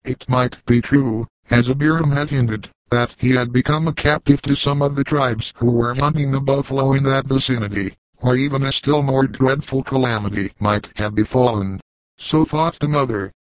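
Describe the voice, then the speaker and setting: A man narrating an audiobook in a steady, measured reading, in a dry, close sound. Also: medium pitch, no echo, rough recording.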